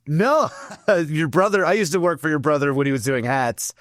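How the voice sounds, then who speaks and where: A man co-hosting a casual podcast chat, rambling and animated, with frequent restarts. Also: on the high side, moderate pace, no room sound, studio quality. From California. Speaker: podcast co-host.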